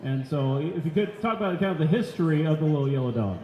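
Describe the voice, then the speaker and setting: A man's voice: on the high side, animated, fast talker, lo-fi sound. A man hosting a live radio broadcast from an event center, chatty and upbeat with light jokes. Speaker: radio host. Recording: echoey hall, long reverb.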